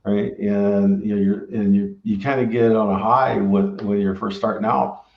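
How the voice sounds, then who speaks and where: A man's voice: lowish voice, fairly even intonation, moderate pace, gravelly. Middle-aged man rambling with tag questions. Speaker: barbecue restaurant owner and former engineer. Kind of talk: casual conversational storytelling. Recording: roomy, dull recording.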